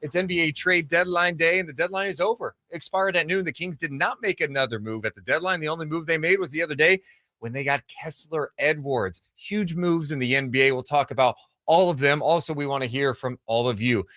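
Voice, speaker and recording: A man co-hosting a live sports radio show in casual, chatty talk, reacting quickly and reading viewer comments aloud from a studio. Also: on the high side, bright, forceful tone, no echo.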